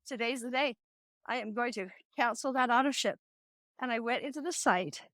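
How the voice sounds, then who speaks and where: A woman's voice: on the high side, fairly bright tone, no echo, studio quality. A middle-aged woman hosting a casual faith-based talk, telling stories with animation and acting out the voices she quotes. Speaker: host.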